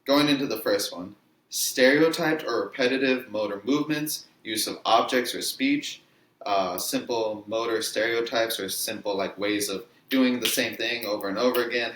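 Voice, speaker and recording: A man's voice: medium pitch, moderate pace, fairly bright tone. A man co-hosting a casual chat, earnestly explaining a list with fillers. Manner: earnest, reads out lists with fillers. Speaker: podcast co-host. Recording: echoey room with faint noise.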